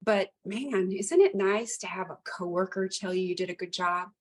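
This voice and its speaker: A woman in her fifties, a retired police lieutenant, telling stories as a guest in an animated, emphatic way and repeating phrases for effect. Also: medium pitch, normal speed. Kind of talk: conversational storytelling.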